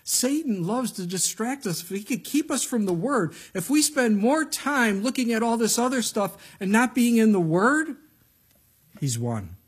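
A middle-aged male pastor preaching a sermon in a conversational way, acting out quotes with lively voices. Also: very high-pitched, unhurried, breathy edge.

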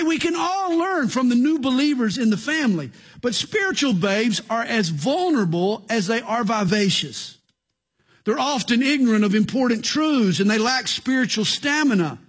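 A middle-aged male pastor delivering a sermon in earnest, emphatic phrasing, slowing down to tell stories. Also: very high-pitched. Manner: earnest, slow emphatic phrasing with storytelling asides.

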